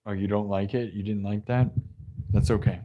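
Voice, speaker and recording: A man with a lowish, steady voice hosts an improvised music and story livestream at a normal pace, though the audio sounds dull. He rambles playfully, tossing joking asides to his chat.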